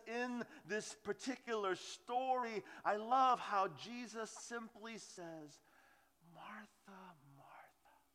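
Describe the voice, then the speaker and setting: High, bright-voiced pastor preaching. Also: male voice. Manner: earnest, conversational preaching with soft hushed asides. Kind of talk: sermon. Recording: long reverb of a large hall.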